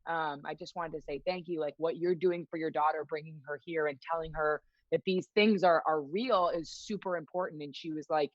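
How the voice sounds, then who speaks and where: Lively woman guest telling stories, dull sound. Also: low-pitched, normal speed, hardly any pauses, no echo. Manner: lively storyteller who acts out quoted voices. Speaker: guest, hockey player. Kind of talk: casual interview chat, storytelling.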